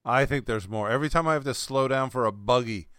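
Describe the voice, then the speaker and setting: A man's voice: medium pitch, fast talker, fairly bright tone, clear, resonant tone, no room sound, studio quality. A man hosting a podcast, joking crudely with mock outrage in casual banter. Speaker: podcast host.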